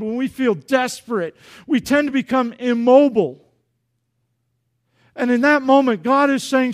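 Animated male pastor with a high voice, preaching a lively sermon. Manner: animated, acts out dialogue, jokes with congregation.

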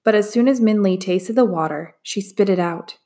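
A woman narrating a chapter book aloud in a measured, expressive reading. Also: medium pitch. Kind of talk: storybook read-aloud narration.

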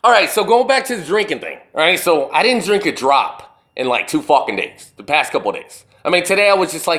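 A young man telling a rambling, profane story to the camera, swinging between loud retellings and low muttering. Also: very animated, fairly quick, few pauses. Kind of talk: casual storytelling monologue to camera. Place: indoors, wall behind him.

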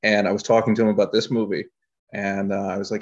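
A man's voice: on the low side, flat delivery, fast talker. A man talking about his filmmaking in a casual interview, rambling, with frequent laughter. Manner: rambling storyteller, laughs often. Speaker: filmmaker guest. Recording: dull lo-fi audio.

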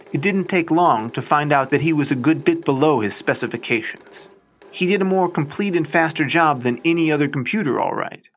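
A man's voice: a little high, fairly bright tone. A man reading a short story aloud in the first person, with a wry, understated delivery.

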